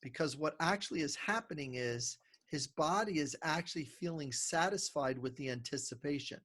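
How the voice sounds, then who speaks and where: A man's voice: a little high, moderate pace, breathy edge. Middle-aged man explaining through anecdotes. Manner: animated storyteller who acts out little dialogues. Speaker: podcast guest, communication consultant.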